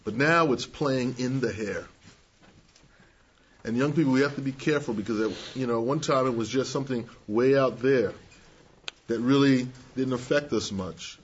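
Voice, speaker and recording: A man preaching to young people, measured and emphatic, acting out the people he quotes. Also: mid-range voice, husky, highs cut off. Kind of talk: sermon.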